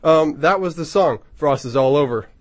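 A man working as a radio DJ in a studio, chatting casually and excitably between songs, rambling with lots of ums. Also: fairly high pitch, normal speed, no room sound. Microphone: studio microphone.

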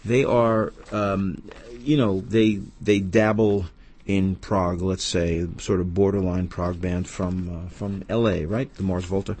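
A man's voice: low voice, steady tone, slow, darkish tone, slightly rough. A man presenting music on the radio, introducing tracks in a rambling way with fillers and self-corrections.

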